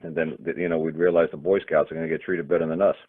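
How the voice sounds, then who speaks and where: A man's voice: rumbling low, flat delivery, fast, breathy edge, dry recording. A man telling stories in casual talk, blunt and emphatic, often cursing. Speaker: teacher of a study group. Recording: tinny phone-line sound.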